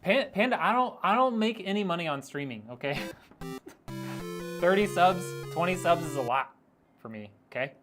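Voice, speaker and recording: A man's voice: sits high, animated, normal speed, over music. Joking man on a livestream. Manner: joking, teasing, laughs often. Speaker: streamer building PCs. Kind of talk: casual livestream chat reading viewer comments.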